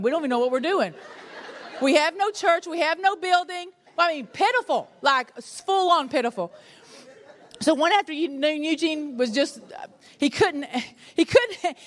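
A middle-aged woman, preaching a sermon and telling a personal story with animated, self-mocking humor. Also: high-pitched, in a large hall. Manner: animated storytelling, laughs at herself. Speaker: pastor's wife and preacher.

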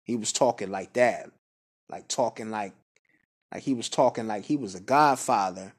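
A man's voice: on the low side, normal speed, husky. A man casually telling a personal story in a laid-back, conversational way. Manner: laid-back, conversational, with frequent fillers and asides. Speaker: guest speaker.

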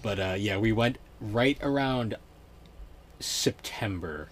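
A man's voice: lowish voice, expressive, slow, a little hiss or hum. A young man hosting a podcast in laid-back, rambling casual chat. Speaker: podcast host.

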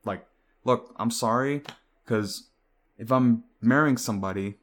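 A man's voice: medium pitch, a little slow. A young man talking casually to the camera in a rambling, hesitant way, full of fillers and restarts. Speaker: vlogger.

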